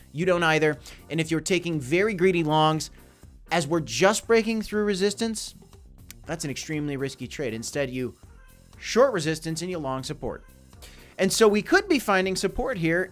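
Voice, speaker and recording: A man hosting a casual crypto market livestream, talking energetically and hammering his points with repetition. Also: sits high. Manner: energetic, emphatic, repeats points.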